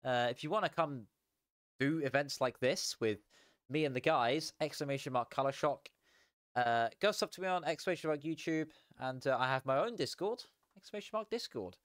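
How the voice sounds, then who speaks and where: A tired young man chatting casually as a sim racing streamer, relaxed and rambling with frequent chuckles. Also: a little high, normal speed, no room sound, studio quality. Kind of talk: casual live stream chat.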